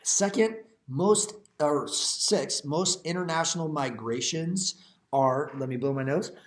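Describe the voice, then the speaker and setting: A man who teaches high school, giving a recorded lecture over slides with jokey, folksy asides to his students. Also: takes it slowly, a little hiss or hum. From Iowa.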